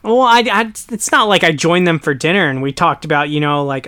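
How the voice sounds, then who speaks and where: A young American man chatting casually on a podcast, animated and quick to slip into playful voices. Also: on the high side, clear, resonant tone, no echo. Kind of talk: casual chat.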